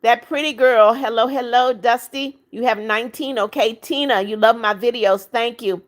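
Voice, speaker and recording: A woman hosting a livestream, reading out viewer comments in a brisk, chatty way and repeating greetings and calls for likes. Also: on the high side. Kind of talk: casual live chat.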